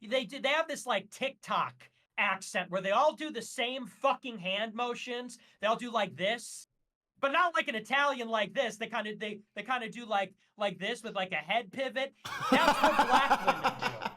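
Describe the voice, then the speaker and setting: A man's voice: extremely high pitch, normal speed, sharp tone. A man talking as a guest on a casual livestream, ranting emphatically and with strong opinions, with frequent fillers.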